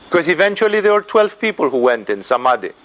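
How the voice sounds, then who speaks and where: A man giving an informal spiritual lecture as a teacher, animated and conversational, tagging his points with "no?" and "you know". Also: fairly high pitch, fast, poor audio. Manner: animated, acts out quoted voices, tags "no?" and "you know".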